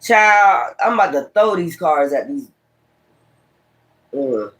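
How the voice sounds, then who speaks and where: A man's voice: on the high side, lively intonation, slow pace, a bit bright. A man with a Brooklyn accent doing a tarot reading, ranting profanely and combatively at his critics. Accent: Brooklyn, New York. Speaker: tarot reader. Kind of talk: casual tarot livestream rant.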